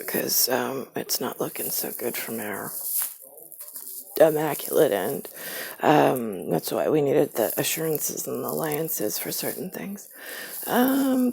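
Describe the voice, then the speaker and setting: Gravelly, low-voiced woman rambling. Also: a little mellow. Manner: scattered, drifting thoughts with many fillers; swearing, heated outbursts. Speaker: vlogger. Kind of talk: rambling solo monologue.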